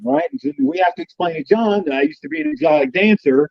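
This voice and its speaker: A man with a high, lively voice, spinning a crude, playful story full of swearing. The sound is dull and lo-fi, and very dry. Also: quick pace, creaky, no room sound. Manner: animated, swearing freely, playful. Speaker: guest knight. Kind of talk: profane comic storytelling.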